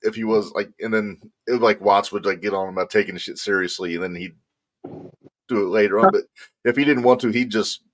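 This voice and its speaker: A man's voice: fairly low pitch, a little fast. A man hosting a podcast, chatting casually and reacting like an eager fan. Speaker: podcast host. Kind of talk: casual chat.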